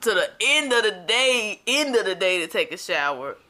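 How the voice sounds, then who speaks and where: A woman's voice: medium pitch, sing-song, moderate pace, bright, forceful tone. A young woman co-hosting a casual chat, teasing the others and laughing. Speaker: podcast co-host.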